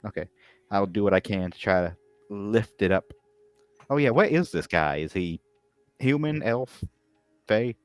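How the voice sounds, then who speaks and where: A man's voice: on the low side, expressive, measured pace, long pauses, faint music behind. A man playing a tabletop game, chatting casually and partly speaking in character. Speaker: player.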